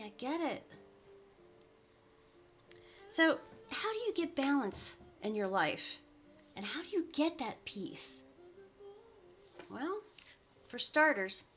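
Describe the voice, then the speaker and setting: Upbeat high-voiced woman life coach. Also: big pitch swings, slow pace, pauses often, a bit bright, faint music behind. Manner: upbeat, encouraging, chatty with frequent laughs. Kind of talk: motivational vlog talk.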